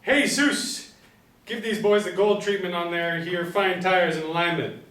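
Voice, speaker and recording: A man's voice: mid-range voice, lively intonation, normal speed, fairly bright tone, lightly acted. A man reading the part of an oily, cheating, chubby male garage owner at a screenplay table read, with folksy, hustling sales talk full of fillers. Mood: hollering. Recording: roomy, distant mic, faint background hum.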